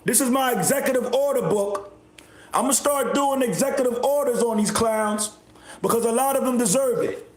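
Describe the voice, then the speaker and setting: A man hosting a livestream, ranting at his chat in a loud, confrontational, repetitive way. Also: very high voice, normal speed, echoey room, slight background noise. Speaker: livestream host. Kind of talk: live stream rant reacting to chat.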